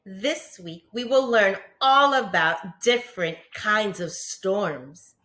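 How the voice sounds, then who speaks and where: A woman teacher with a New York accent giving a patient lesson to young children, pausing for answers and praising them often. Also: mid-range voice, sharp tone. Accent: New York English. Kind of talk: slow, encouraging classroom lesson for young children.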